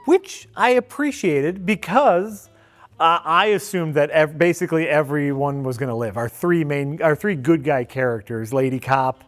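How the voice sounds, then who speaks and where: A man's voice: fairly high pitch, normal speed. A man co-hosting a casual film review, sarcastic and profane. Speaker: co-host.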